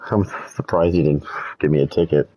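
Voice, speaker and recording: Playing a game, a streamer chats to his viewers in a rumbling low voice, a little slow, through a muffled recording. His story rambles, he swears a lot, and he livens up whenever he quotes himself.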